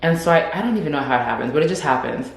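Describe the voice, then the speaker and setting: A young woman vlogging in a casual, animated chat, laughing often as she talks. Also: sits low, racing, roomy sound.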